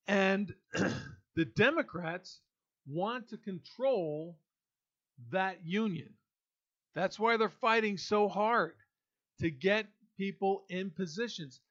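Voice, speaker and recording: A man giving an indignant, emphatic opinion monologue, pausing and restarting as he speaks. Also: high voice, a bit bright. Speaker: political commentator. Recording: dull lo-fi audio.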